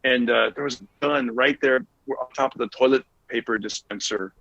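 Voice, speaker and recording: A man's voice: medium pitch, moderate pace, vocal fry, no room sound, dull audio. A man in his forties, a podcast host, telling a casual story with lots of fillers and restarts. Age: 40s. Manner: rambling, animated anecdote with many fillers.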